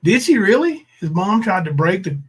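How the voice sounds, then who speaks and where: A man's voice: high-pitched, big pitch swings, normal speed, fairly bright tone, slightly rough. A man hosting a livestream, talking in a rambling, sarcastic, coarse way. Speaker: livestream host. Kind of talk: casual livestream commentary.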